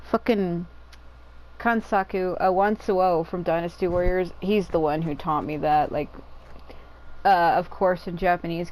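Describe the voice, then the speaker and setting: A woman's voice: on the low side, a little mellow, poor audio. Rambling woman explaining game lore. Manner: rambling, lots of "like", swears casually. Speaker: gamer. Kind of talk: casual game commentary. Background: game music.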